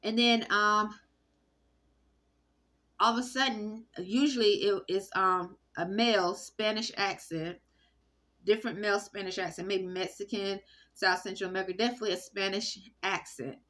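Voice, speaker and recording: A woman talking to the camera in a rambling personal monologue, halting often with fillers and restarts, recorded on a phone in an indoor room. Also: medium pitch, steady tone, fairly bright tone. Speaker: vlogger.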